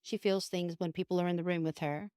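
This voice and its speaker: Calm reassuring woman, dry sound. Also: lowish voice, fast, clear, resonant tone, no room sound. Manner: calm, reassuring, acts out story voices. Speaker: guest healer. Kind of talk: casual spiritual talk.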